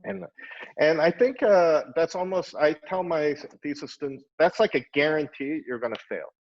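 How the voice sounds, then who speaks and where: A man's voice: a little high, moderate pace. A middle-aged man, an architect and teacher, thinking aloud in a panel discussion, full of "uh"s and "you know"s. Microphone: video call. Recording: dull lo-fi online call audio.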